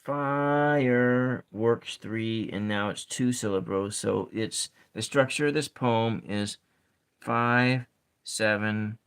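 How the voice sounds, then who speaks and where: A man hosting a soft-spoken ASMR poetry session, talking in a slow, halting way and counting syllables aloud. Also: lowish voice, steady tone, clean tone. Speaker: ASMR channel host.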